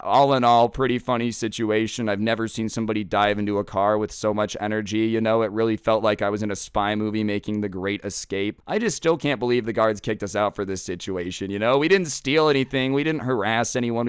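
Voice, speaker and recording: A man spinning a casual storytime tale for his channel, animated and chatty, full of "like" and "you know". His voice sits at an ordinary pitch and comes through smooth and resonant, recorded dry and close. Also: no echo. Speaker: storytime vlogger.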